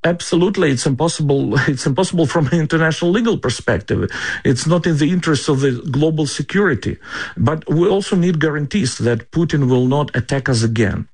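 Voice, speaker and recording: A man's voice: fairly high pitch, lively intonation, breathy edge. A man from Ukraine, a politician answering questions in a news interview, speaking English as a with frequent fillers and restarts. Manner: halting, with many fillers and restarts.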